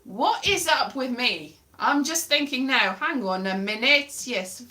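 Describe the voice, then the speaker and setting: A woman's voice: high voice, lively intonation, a little slow, bright, forceful tone. A young woman comedian rambling in a self-mocking comic monologue from a very small room at home. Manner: chatty, self-mocking, drifts off topic. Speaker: comedian vlogger.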